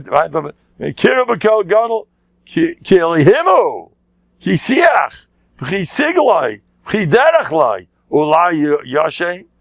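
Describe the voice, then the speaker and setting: An older man, a rabbi, giving a lively Torah class full of jokes and shouted quotes. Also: mid-range voice, gravelly, no echo. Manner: joking, animated, shouts out quotes, mixes Hebrew and Yiddish words.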